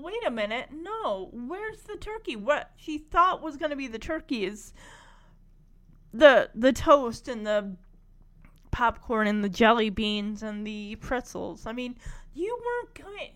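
A woman casually retelling a cartoon story in a chatty, opinionated way, full of asides. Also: high-pitched. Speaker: cartoon recapper.

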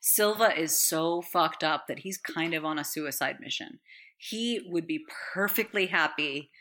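Bright-voiced woman rambling enthusiastically. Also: low-pitched, a little slow. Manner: rambling, enthusiastic, swears freely, laughs often. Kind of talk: casual chat.

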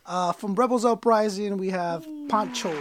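Male podcast host, casual and energetic, stumbles and restarts often. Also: high-pitched, moderate pace, no echo. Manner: energetic, loose, stumbles and repeats words. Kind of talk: casual hip hop podcast chat.

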